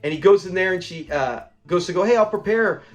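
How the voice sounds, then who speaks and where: A man's voice: high-pitched, expressive, fairly quick, faint music behind. A man giving a casual, rambling episode recap, acting out characters' lines and laughing at the jokes. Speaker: show reviewer.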